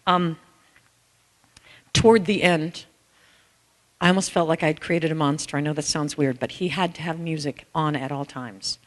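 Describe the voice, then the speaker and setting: A woman giving a candid, animated conference talk to an audience, telling personal stories and breaking into bits of song. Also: sits low, normal speed, pauses often. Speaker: author and caregiver speaking to an audience. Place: large hall with an audience. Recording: reverberant hall.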